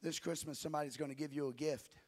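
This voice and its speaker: A man pastor preaching a sermon to his congregation in a church, shouting at the peaks and dropping to a quiet, conversational storytelling voice in between. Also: on the high side, steady tone, fast.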